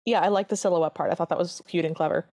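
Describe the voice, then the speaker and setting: A woman's voice: fairly low pitch, steady tone, quick pace, a little mellow, no room sound, clean studio sound. A woman co-hosting a podcast, chatting earnestly as she reviews an old cartoon. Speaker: podcast co-host. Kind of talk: casual chat reviewing a cartoon.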